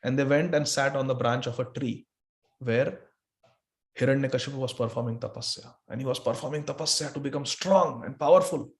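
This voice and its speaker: A male preacher giving a sermon and telling a story in an animated way. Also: mid-range voice, brisk.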